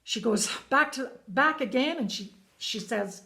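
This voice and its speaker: A woman's voice: on the high side, lively intonation, unhurried, pushed and bright. A woman telling a true story in an earnest, plain way, often repeating words as she goes. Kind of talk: spoken storytelling monologue.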